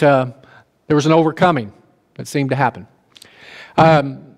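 Folksy pastor in a reverberant sanctuary. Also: male voice, on the high side. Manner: conversational, folksy, with asides to the congregation. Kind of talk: sermon. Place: church sanctuary.

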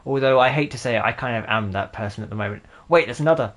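A man's voice: mid-range voice, fast talker, a bit bright. A man giving sarcastic, jokey commentary while playing a video game, talking to himself and his viewers. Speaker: gaming YouTuber. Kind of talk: casual gameplay commentary.

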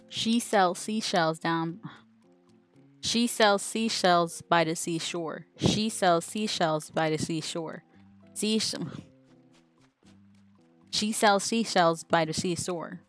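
A woman's voice: on the low side, steady tone, slow pace, long pauses, soft background music. A woman game streamer chatting casually on a live stream, giggling as she stumbles over a tongue twister. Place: home streaming setup.

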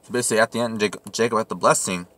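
A young man with a bright, sharp voice teaches casually from scripture. He reads old verses haltingly with small slips, then drops into relaxed slangy commentary. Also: lowish voice. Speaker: Bible teacher.

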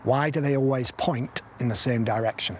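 A man's voice: mid-range voice, normal speed, a little hiss or hum, close to an everyday voice. An actor playing a blunt, middle-aged army veteran who swears constantly and rambles through grim stories, asking "right?" as he goes. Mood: disgusted. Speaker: soldier telling a war story. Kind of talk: film drama acting.

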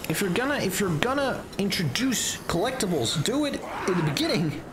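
A man's voice: high-pitched, big pitch swings, brisk. A man doing let's play commentary as a gaming streamer, ranting with profane exasperation. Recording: clear background noise.

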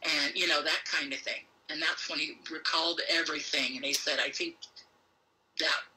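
A woman's voice: low-pitched, fairly even intonation, moderate pace, pushed and bright, poor audio. A woman as an interview guest, telling a story animatedly and acting out both sides of a conversation.

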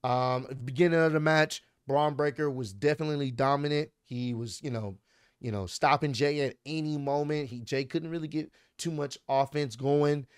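Excitable young man recapping wrestling. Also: on the high side, moderate pace, smooth, dry recording, studio quality. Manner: excitable, animated play-by-play with swearing and slang.

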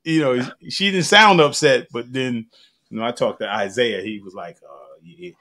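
A man's voice: medium pitch, very animated, normal speed, pushed and bright. A man in his sixties with an American accent hosting a podcast, chatting casually and laughing often as he tells stories. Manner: laughs a lot, acts out quoted voices while telling stories. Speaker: podcast host. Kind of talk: casual chat.

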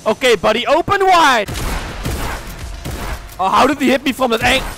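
A young man giving excitable, trash-talking commentary over his own gameplay as a streamer. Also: very high voice, racing, a little hiss or hum. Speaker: gaming streamer. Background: game music.

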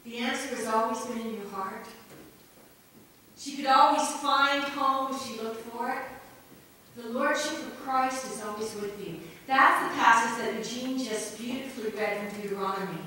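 A woman pastor preaching a sermon earnestly, swinging between emphatic lines and hushed ones. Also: fairly high pitch, moderate pace, slight background noise. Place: church sanctuary. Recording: echoey church hall from far off.

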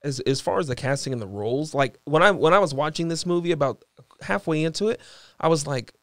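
A man's voice: a little high, expressive, quick pace, a bit bright, no echo, studio quality. A man co-hosting a podcast who talks about a film in a casual way, often restarting his sentences as he searches for words. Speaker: podcast co-host. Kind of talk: casual movie review chat.

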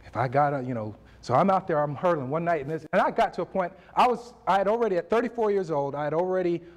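A man in his forties giving a motivational speech at a university event, telling his story with animated delivery and acting out conversations. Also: a little high, fast talker. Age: 40s. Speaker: motivational speaker.

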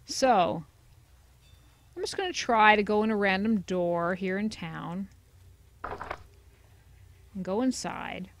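A woman's voice: medium pitch, animated, slow, pauses often, a little hiss or hum. A woman giving casual, chatty commentary over a video game playthrough, sarcastic and swearing freely. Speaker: let's play commentator. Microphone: desk USB headset mic.

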